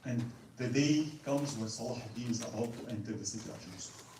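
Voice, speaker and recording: A man giving an animated religious history lecture, acting out quotes and asking "right?". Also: mid-range voice, fast. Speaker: Islamic lecturer. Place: large mosque hall. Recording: echoey hall, distant mic, faint noise.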